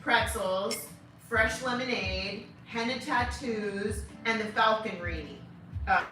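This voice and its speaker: A woman's voice: on the high side, slow pace, distant mic. A middle-aged woman, chatting casually on a livestream and reading out viewer questions with a teasing manner. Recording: echoey room, off-mic, music behind.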